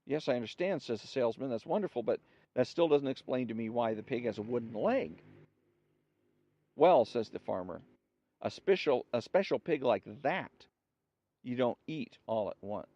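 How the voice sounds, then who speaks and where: A man hosting a show, reading jokes aloud in a relaxed storytelling way and acting out the characters' lines. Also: medium pitch, normal speed, no room sound, muffled recording. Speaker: host.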